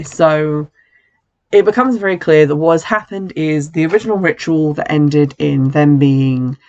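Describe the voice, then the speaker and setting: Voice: medium pitch, unhurried, a little mellow, dull audio. A podcast host casually recapping a horror film, chatty, with wry asides and frequent self-corrections.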